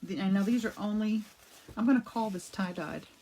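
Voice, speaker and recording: Sucking on a cough drop, a chatty woman with a mid-range female pitch guides viewers through her paper craft in a relaxed live demo from her home art studio. At a moderate pace she rambles a bit, often restarts sentences, adds asides and greets viewers by name. The recording is low quality with slight background noise.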